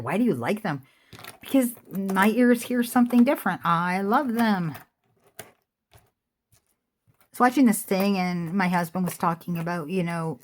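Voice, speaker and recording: Chatty woman selling jewelry at home. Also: medium pitch. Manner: chatty, rambling asides. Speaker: online jewelry seller. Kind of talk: casual chat while showing jewelry. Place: home room with a squeaky chair.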